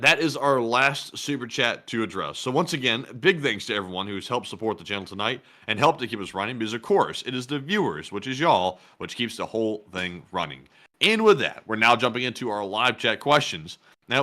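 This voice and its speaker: Bright man reading chat questions. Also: medium pitch, sing-song, fairly quick. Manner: reads names and questions aloud, casual asides. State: coughing, unwell. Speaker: co-host. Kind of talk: reading viewer questions on a live stream.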